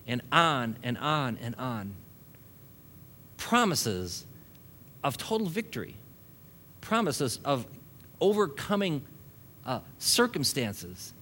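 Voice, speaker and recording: A man's voice: medium pitch, very animated, slow pace, long pauses, sharp tone, a little hiss or hum. A male pastor preaching a sermon to a congregation, building long repeated lists and chuckling often between points.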